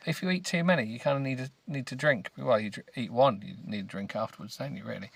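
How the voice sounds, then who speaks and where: A British man hosting a comedy podcast, grumbling and rambling as he reads a book aloud with deadpan, self-mocking remarks. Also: mid-range voice, fast, gravelly, few pauses, husky, no room sound. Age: adult with children. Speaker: podcast host.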